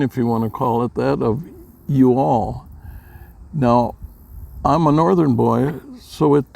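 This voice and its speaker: An older man from Minnesota, telling folksy personal stories in a plain-spoken, unhurried way, with a gravelly voice. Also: medium pitch, warm tone. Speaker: storyteller. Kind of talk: casual personal storytelling.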